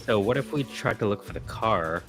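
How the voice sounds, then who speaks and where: A man's voice: lowish voice, expressive, moderate pace, fairly bright tone, soft background music. A man hosting a casual live stream, chatting playfully and humming little tunes as he searches. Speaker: show host.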